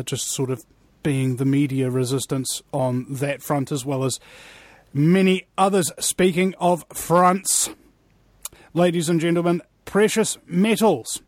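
A man hosting an interview show, excitable and prone to loud asides. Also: a little high, no echo. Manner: excitable, swings between loud asides and mumbled fillers. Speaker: podcast host.

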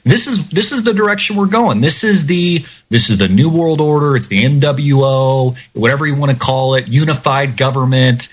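A man's voice: mid-range voice, moderate pace, few pauses. A man as a guest on a talk radio show, speaking intensely and stacking up points with emphasis. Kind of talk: casual radio interview.

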